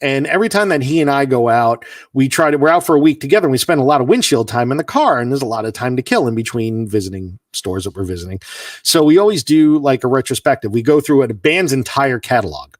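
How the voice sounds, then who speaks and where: A man co-hosting a casual podcast, ranting with mock exasperation, his pitch leaping up and down. He is set a little back from the mic in a dry, dead room. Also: expressive, quick pace, no echo, recorded from a distance. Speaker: podcast co-host.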